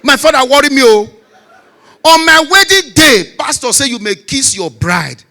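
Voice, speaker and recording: A man in his forties with a Nigerian Pidgin English accent, telling stand-up comedy stories, shouting punchlines and dropping low for asides. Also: lively intonation, normal speed. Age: 40s.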